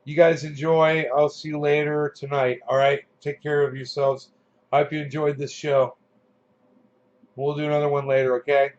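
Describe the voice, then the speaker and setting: A man's voice: fairly high pitch, level tone, moderate pace. Swearing, rambling man on a dull lo-fi mic. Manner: loose, profane, full of fillers. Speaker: channel host. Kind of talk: casual rambling chat. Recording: dull lo-fi sound.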